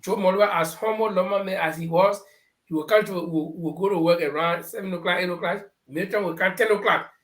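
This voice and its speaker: A man's voice: sits high, brisk, fairly bright tone, echoey room, rough recording. A middle-aged Liberian man on a talk show, telling political anecdotes and acting out the people he quotes. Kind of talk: storytelling political commentary.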